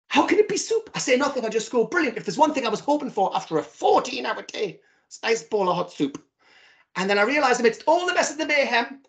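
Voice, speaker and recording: At a virtual event, a man gives a talk in a very high-pitched, slightly bright voice. He recounts a funny episode from his marriage, performing the different voices.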